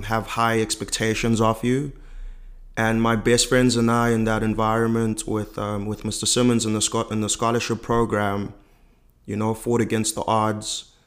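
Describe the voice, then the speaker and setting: A young man from South Africa, a podcast guest, telling a personal story in a reflective, halting way with many fillers. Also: on the low side.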